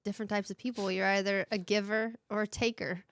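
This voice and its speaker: A female co-host talks in a sincere, casual way, with "like" and "you know what I mean" all through her lines. Her voice is mid-pitched and recorded dry and close. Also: level tone, fast talker, fairly bright tone, dry recording. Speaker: podcast co-host. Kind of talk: casual chat.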